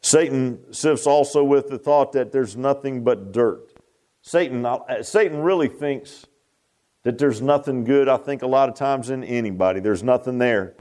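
A man preaching a fervent sermon. He climbs high and loud, then drops low and quiet, and repeats his words as he goes. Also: moderate pace.

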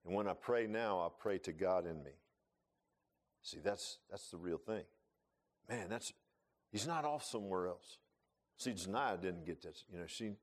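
A middle-aged man preaching a sermon as pastor, folksy, swinging from loud rising bursts to low quiet asides. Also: expressive, normal speed, long pauses.

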